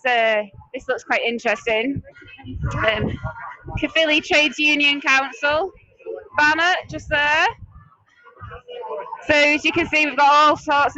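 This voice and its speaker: Bright, high-voiced woman street reporter. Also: dry recording, dull audio. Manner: chatty and upbeat. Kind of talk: live roving interviews at a march. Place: outdoors at a street march.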